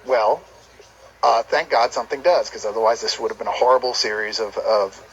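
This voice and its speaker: A man's voice: on the low side, a little fast, fairly bright tone, lo-fi sound. A man co-hosting a casual movie review podcast, rambling and laughing often as he retells the plot.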